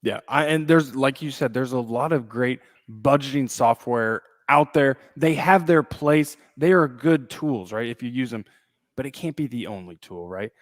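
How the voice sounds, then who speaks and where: A man's voice: mid-range voice, normal speed, no echo, studio quality. A man co-hosting a grain market show, explaining casually and tagging points with "right?". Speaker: grain broker co-host. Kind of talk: market commentary.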